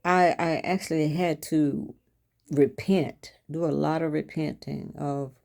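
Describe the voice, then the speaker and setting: A deep, gravelly, slightly mellow voice belongs to an older woman hosting her own show. The host and author speaks a little slowly with fairly even intonation, telling personal stories in a folksy, chatty, repetitive monologue.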